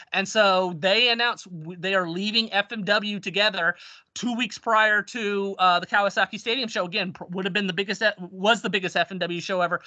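A man's voice: high-pitched, fairly even intonation, brisk, bright, forceful tone, dry recording. A man casually retelling a long story on a podcast, rambling with restarts and acted-out quotes. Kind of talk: casual wrestling history chat.

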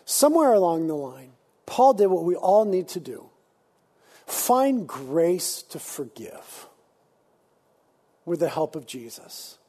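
High, husky-voiced male preacher. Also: slow, long pauses. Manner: animated, conversational preaching with casual slang. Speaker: pastor. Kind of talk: sermon.

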